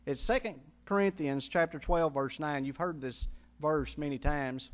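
Man, pastor, high voice, folksy sermon, church sanctuary, spells words out. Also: moderate pace. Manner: folksy preaching with call-and-response and humor; spells out Greek words letter by letter.

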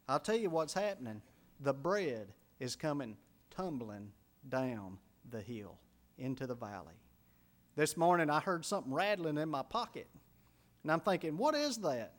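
A man preaching a sermon as pastor, folksy and storytelling, dropping quiet for emphasis. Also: fairly high pitch, very animated, moderate pace.

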